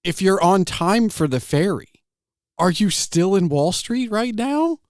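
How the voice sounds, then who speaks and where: A man's voice: high voice, expressive, a little slow, no echo, clean studio sound. A man in his forties hosting a podcast interview, asking long, rambling questions full of "like". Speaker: podcast host. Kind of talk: conversational interview.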